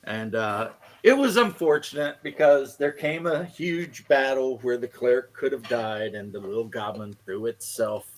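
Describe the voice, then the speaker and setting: A man in a middle register telling a tabletop game story in relaxed chat. Faint noise sits behind his voice. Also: mid-range voice, a little slow, few pauses. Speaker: game master. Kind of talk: casual chat.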